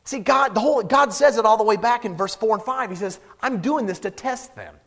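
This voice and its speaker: A male pastor preaching a lively sermon, joking and acting out the people in the Bible story. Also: high voice, fairly quick. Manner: animated, joking, acts out Bible characters.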